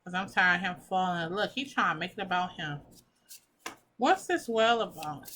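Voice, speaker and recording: A woman's voice: fairly low pitch, expressive, normal speed, fairly bright tone, a little hiss or hum. A woman giving a pick-a-pile tarot reading, talking casually and emotionally, gushing and swearing as she reads the cards. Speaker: tarot reader.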